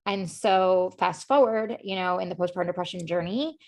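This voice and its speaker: A woman's voice: lowish voice, normal speed, darkish tone. A woman guest on a podcast, telling her personal story earnestly and openly, with lots of "like" and "you know" fillers. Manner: earnest and emotionally open. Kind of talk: candid personal storytelling in conversation.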